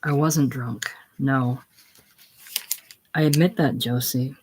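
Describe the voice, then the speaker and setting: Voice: mid-range voice, fairly even intonation, slow, slightly rough. A reader voicing an anxious, scheming old farmer father in a casual play reading, uneasy and pleading. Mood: quiet. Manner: uneasy and pleading, then loudly angry.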